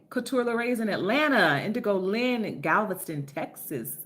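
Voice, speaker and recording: Hosting a laid-back livestream, a Philadelphia woman speaks at a moderate pace in a mid-range, slightly bright voice with big pitch swings. She's effusive and talkative, calls out her viewers by name, and curses freely.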